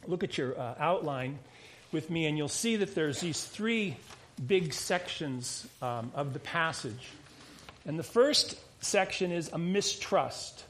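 A pastor with a noticeably high voice, preaching a sermon. He talks through the passage in a loose, conversational way, stopping and restarting phrases and dropping in casual asides. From United States.

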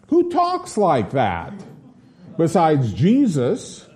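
Male preacher, slightly higher voice, mellow, unhurried, swings into bold declamation. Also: wildly swooping pitch. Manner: slow deliberate preaching, rising to forceful declamation in scripture readings. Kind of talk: sermon.

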